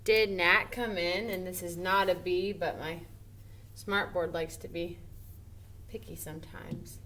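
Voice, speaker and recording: A woman teacher giving a recorded grammar lesson to first graders, slow and encouraging, drawing out her example sentences expressively. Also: fairly low pitch, fairly even intonation, sharp tone, slight background noise. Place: home or classroom at a smartboard.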